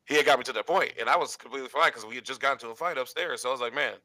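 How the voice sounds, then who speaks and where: Bright-voiced man telling a story. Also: mid-range voice, quick pace, no echo. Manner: animated, acts out quotes with laughs. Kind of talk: casual storytelling.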